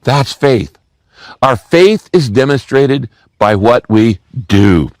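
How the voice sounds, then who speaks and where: A man's voice: medium pitch, expressive, slow, darkish tone, no echo. A male pastor giving a sermon, telling stories earnestly and repeating key lines for emphasis. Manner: earnest storytelling with emphatic repetition.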